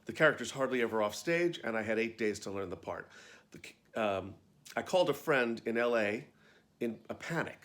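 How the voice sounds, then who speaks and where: A man's voice: medium pitch, lively intonation, normal speed, a bit bright. A man reading his own backstage memoir aloud in a wry, conversational storytelling manner. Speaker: actor and storyteller.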